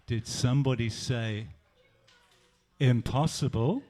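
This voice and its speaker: A man preaching, voicing a calm, gentle Jesus in a soft, slowed, lower voice. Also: lightly acted.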